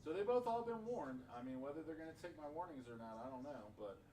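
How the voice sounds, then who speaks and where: Game shop guy, rapid swear-filled rant, echoey room, mic far off, faint noise. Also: on the high side, expressive, dark tone. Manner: profane, heated storytelling. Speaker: game store owner. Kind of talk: casual chat, storytelling. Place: shop, indoors. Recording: roomy, distant mic, faint background noise.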